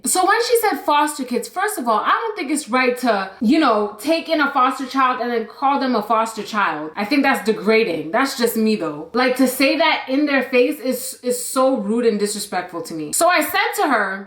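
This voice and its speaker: Young woman ranting a storytime, high bright voice, echoey room. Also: normal speed, hardly any pauses. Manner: animated, blunt, swears freely. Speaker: vlogger. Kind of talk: storytime vlog.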